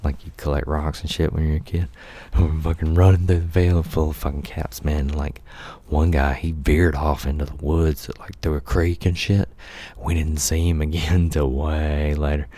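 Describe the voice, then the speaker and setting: Man, middle-aged, extremely low voice, dark mellow tone, laid-back cursing storyteller. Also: level tone, normal speed, no echo. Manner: profane, laid-back, laughs often, acts out quotes. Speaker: podcast host telling life stories. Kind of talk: casual storytelling monologue.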